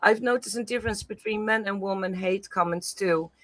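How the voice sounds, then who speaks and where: A woman's voice: medium pitch, fairly quick, fairly bright tone, no echo. A middle-aged woman with a Dutch accent, hosting a casual live-stream chat and reading out viewer comments. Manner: chatty, reads out viewer comments. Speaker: host.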